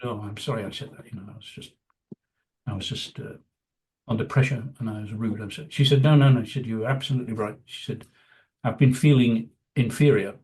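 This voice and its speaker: Older male guest, rambling anecdotal storyteller, mid-pitched plain voice, casual interview. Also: darkish tone. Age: 70s. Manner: rambling, anecdotal, many "you know" fillers. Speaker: guest, veteran news executive.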